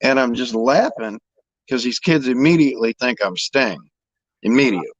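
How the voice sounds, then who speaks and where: A man's voice: medium pitch, expressive, moderate pace, dry recording, lo-fi sound. A man from the American Midwest, casually chatting and telling long rambling anecdotes with some swearing. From Indianapolis, United States. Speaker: storyteller in a chat. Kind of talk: casual chat.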